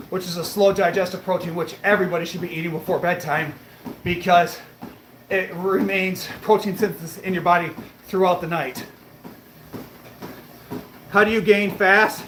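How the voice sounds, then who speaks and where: A man livestreaming while on a treadmill, chatting casually and answering viewer comments, a bit breathy as he talks between breaths. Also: high-pitched, fairly bright tone, roomy sound, slight background noise, rough recording. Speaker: fitness livestreamer.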